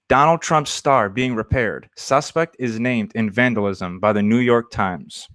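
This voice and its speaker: A man reading news items aloud for a podcast segment in a steady read-out delivery. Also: medium pitch, no room sound.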